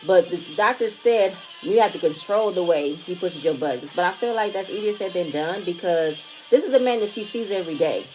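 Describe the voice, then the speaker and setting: Low-voiced woman recapping a show. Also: expressive, a little fast, few pauses, a little mellow, soft background music. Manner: rambling, restarts phrases, emphatic and opinionated. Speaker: reality TV recap vlogger. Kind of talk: casual spoken commentary.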